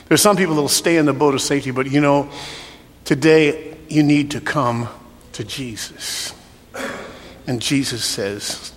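Preaching pastor in a reverberant church hall. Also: male voice, mid-range voice, normal speed, slight background noise. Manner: swings from shouted preaching to hushed altar-call prayer. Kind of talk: sermon. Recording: long hall reverb, soft music behind.

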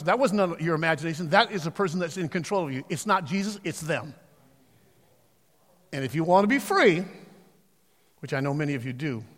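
A man preaching a sermon in a church, swinging between shouted exhortation and quiet reading of scripture. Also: a little high. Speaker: pastor. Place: church sanctuary. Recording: long hall reverb.

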